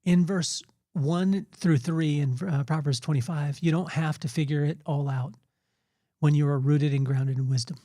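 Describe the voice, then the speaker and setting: A man in his forties with a somewhat higher voice talks with heartfelt, halting reflection and often pauses on fillers. He sounds tearful. The recording is close and dry. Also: fairly even intonation, warm tone, no echo. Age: 40s. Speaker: podcast host. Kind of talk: personal reflective monologue.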